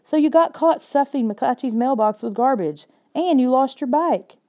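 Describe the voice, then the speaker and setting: A woman's voice: sits high, animated, moderate pace, dark tone, pitched above the performer's own voice. A woman voicing a bossy girl who scolds her brother in a storybook reading. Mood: scolding. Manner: bossy, lecturing. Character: scolding girl, the narrator's sister.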